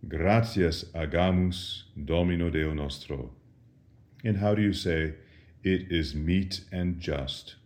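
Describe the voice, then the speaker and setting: The speaker is a priest whose very deep, darkish voice rings with a roomy echo as he leads a slow call-and-response catechism lesson on Latin prayers. He asks each question, lets a patient pause hang, and then answers it himself.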